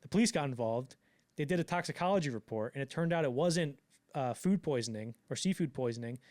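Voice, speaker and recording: A man casually telling a wild story on a podcast, acting out the people in it with loud bursts and lots of fillers. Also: medium pitch. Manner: animated storyteller, acts out quotes with loud bursts; fast, loose, lots of fillers. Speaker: podcast co-host.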